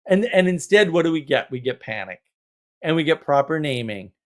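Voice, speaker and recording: A man hosting a casual livestream, talking in an animated, exasperated, rambling way with frequent laughs. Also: fairly high pitch, brisk. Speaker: livestream host.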